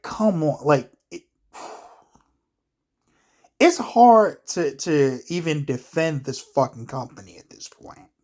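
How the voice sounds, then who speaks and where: A man's voice: a little high, darkish tone. A man talking to camera in a casual, profane rant, exasperated and rambling with lots of filler words. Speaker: wrestling commentary vlogger. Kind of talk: casual ranting commentary.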